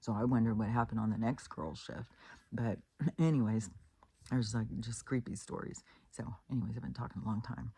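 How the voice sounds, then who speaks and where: This is a woman talking straight to her own audience in a loose, rambling vlog monologue. Her voice is dark, husky and gravelly. She restarts often and swears bluntly. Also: a bass voice, steady tone, normal speed, dry recording. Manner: rambling, with many fillers and restarts. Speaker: spiritual vlogger. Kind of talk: casual storytelling monologue.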